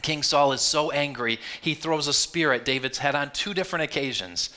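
Bright-voiced male pastor preaching. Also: on the high side, normal speed. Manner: earnest, animated storytelling with quoted voices. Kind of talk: sermon.

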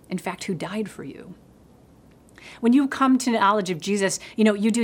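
A middle-aged woman preaching a sermon in an earnest voice, dropping to a soft hush when she speaks God's words. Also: medium pitch.

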